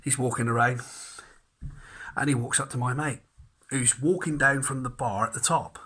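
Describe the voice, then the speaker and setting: Husky man telling a festival story. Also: mid-range voice, fairly even intonation, normal speed, a bit bright. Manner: chatty storyteller, acts out quotes. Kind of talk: casual anecdote.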